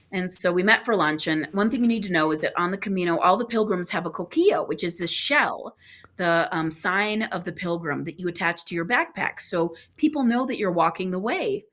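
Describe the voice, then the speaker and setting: A woman guest on a podcast, telling a personal travel story in an earnest, animated way, acting out what people said. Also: fairly low pitch.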